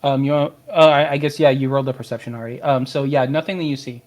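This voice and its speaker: A man's voice: medium pitch, steady tone, quick pace. Hesitant man running a tabletop game. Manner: hesitant, full of ums. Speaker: game master.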